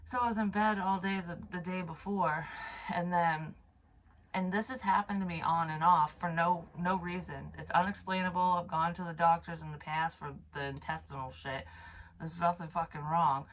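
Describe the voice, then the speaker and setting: A woman in a casual vlog, talking straight to camera about something that happened to her. She is frank and swears freely, often sighing or trailing off mid-sentence. Her voice sits slightly low. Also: fairly even intonation, normal speed, a bit bright, a little hiss or hum, poor audio. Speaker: psychic medium vlogger.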